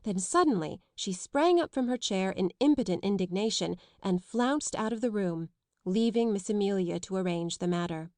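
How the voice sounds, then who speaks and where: A woman narrating a classic children's novel in a measured storytelling voice. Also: mid-range voice, animated, a little mellow, no echo, studio quality. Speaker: audiobook narrator. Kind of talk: scripted narration.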